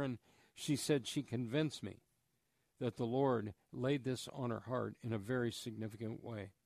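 A man's voice: mid-range voice, unhurried, darkish tone, dry recording. Brief: man, radio fundraising appeal, earnest preacher-like storytelling, dry close studio sound. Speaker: charity fundraiser guest on radio.

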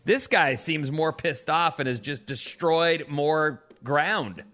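A middle-aged man with a higher-pitched voice speaks slowly while co-hosting a casual podcast. He's an animated, rambling storyteller, constantly restarting and wandering into asides.

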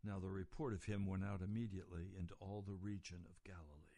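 A man preaching a sermon, explaining scripture deliberately and pausing on key words. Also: sits low, fairly even intonation, mellow, dry recording.

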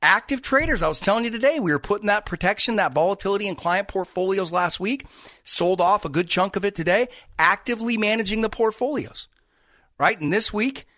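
A middle-aged man hosting a financial talk radio show, giving animated, conversational market commentary straight to his listeners. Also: high-pitched, brisk, no echo, clean studio sound.

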